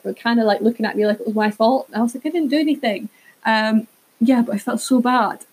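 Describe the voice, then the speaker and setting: A woman hosts a relaxed solo podcast in a slightly husky, breathy voice. She rambles from tangent to tangent and stops to correct her own words along the way. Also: mid-range voice, rough recording. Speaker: podcast host. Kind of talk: casual solo podcast chat.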